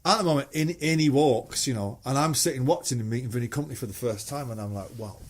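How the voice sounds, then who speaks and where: A man's voice: medium pitch, quick pace, a little mellow. A middle-aged man with a Mancunian English accent, a musician guest telling anecdotes in casual chat, swearing freely and acting out quoted voices.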